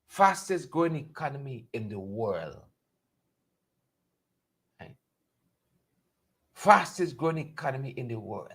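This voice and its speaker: Animated Guyanese man, high lively voice. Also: slightly rough. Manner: animated, repeats lines for emphasis, mocks with mimicry. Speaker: host. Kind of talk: satirical news commentary.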